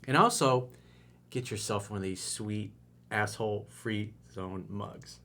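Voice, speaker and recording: Emphatic man coaching on camera. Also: a little slow. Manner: casual and emphatic, with sudden rises in pitch and loudness. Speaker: dating coach. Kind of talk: coaching video monologue.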